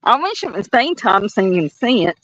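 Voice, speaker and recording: A woman's voice: mid-range voice, sing-song, a bit bright, dry recording, dull audio. A woman with a Southern accent from the North Carolina mountains, chatting and laughing while walking outdoors at night, talking into a phone. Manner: chatty and laughing, drawn-out stories. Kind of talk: casual chat.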